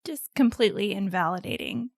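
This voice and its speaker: A woman's voice: mid-range voice, fairly quick, dry recording, clean studio sound. A woman podcast host responding to her guest with short, sympathetic interjections. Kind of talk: conversational interview.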